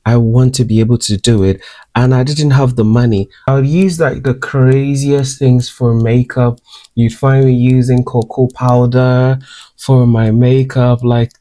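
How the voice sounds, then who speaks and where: A young man with a Ghanaian English accent, an expressive storyteller who tells his own life story in a personal vlog. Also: medium pitch, measured pace, no room sound. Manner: expressive, switches into lively quoted voices. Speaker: makeup artist and singer.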